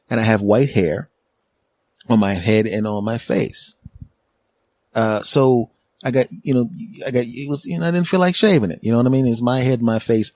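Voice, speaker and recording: A man rambles through a comic monologue, joking at his own expense. His voice sits a little low. The recording is close and dry. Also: darkish tone, dry recording. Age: 40s. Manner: joking, rambling, self-mocking. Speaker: podcast host. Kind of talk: comedic monologue.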